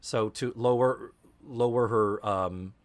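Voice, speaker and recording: In casual podcast conversation, a male co-host gets theatrical, switching into affected voices to act out quoted scenes. His pitch is medium and his delivery slow.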